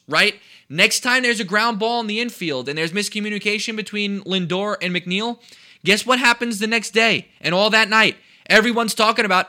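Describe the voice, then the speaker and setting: The man has a high voice with a piercing brightness. He rants about sports in an indignant, emphatic way and hammers points home by repeating himself. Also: moderate pace. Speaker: sports commentator. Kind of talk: heated sports talk rant.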